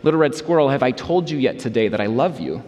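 A man voicing a gentle, loving daddy squirrel in a soft, tender storybook reading. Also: mid-range voice, expressive, fast, in a large hall, highs cut off, natural voice.

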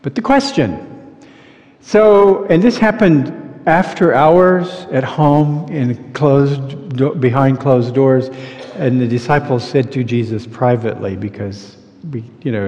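Male preacher, sermon, mellow warm tone, dull lo-fi recording. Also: mid-range voice, measured pace. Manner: animated storytelling, dropping to quiet intensity. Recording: dull lo-fi sound with long hall reverb.

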